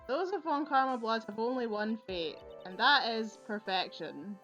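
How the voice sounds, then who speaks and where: A woman's voice: a little high, animated, moderate pace, bright, forceful tone, faint music behind. A woman reading the lines of a haughty young female prosecutor in a video game, in a scornful, arrogant manner, with slightly dull lo-fi sound. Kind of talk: reading game dialogue aloud.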